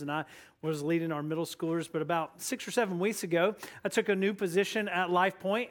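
Eager high-voiced preacher. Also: male voice, fairly bright tone. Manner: earnest, eager, with frequent restarts. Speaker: guest preacher, associate pastor. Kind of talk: sermon. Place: church sanctuary.

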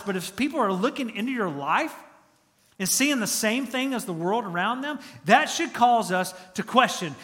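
A man's voice: sits high, sharp tone, long reverb tail. A man preaching a sermon as pastor, speaking emphatically and repeating phrases for effect.

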